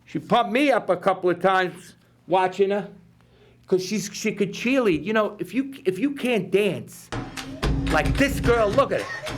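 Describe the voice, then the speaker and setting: A man with a New York accent hosting a live local-TV football picks show, rambling and jokey with sudden bursts of excitement. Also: high voice, unhurried, faint music behind. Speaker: TV host. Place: community TV studio.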